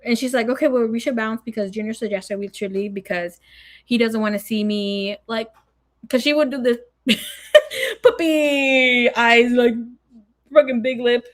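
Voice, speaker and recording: A young adult woman, telling a story in a casual, animated way, swearing a lot and acting out what people said. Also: on the high side, moderate pace.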